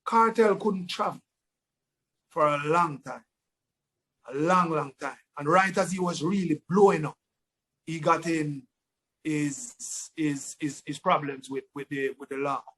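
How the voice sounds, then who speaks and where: A man with a Jamaican accent, a dancehall artist talking casually in an interview, relaxed and often repeating words as he thinks. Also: a little high, unhurried, long pauses, low-quality recording. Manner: relaxed, repeats words, breaks into his song lines.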